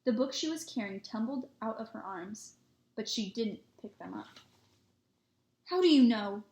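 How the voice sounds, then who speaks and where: A woman narrates a storybook in a steady reading voice. Her pitch sits a little high. The recording carries a noticeable room echo. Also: normal speed. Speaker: reader. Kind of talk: audiobook reading aloud. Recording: echoey room.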